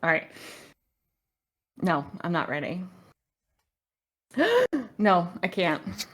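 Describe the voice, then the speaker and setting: A woman co-hosting a livestreamed podcast, bubbly and quick to laugh, easily flustered. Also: lowish voice, fairly bright tone. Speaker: podcast co-host. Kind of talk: casual livestream chat.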